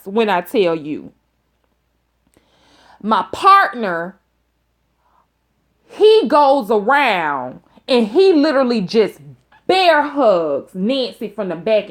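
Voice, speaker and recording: Animated, high-pitched woman storyteller. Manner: dramatic, emphatic, repeats lines for effect; folksy terms of address, exclaims. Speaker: storytime vlogger.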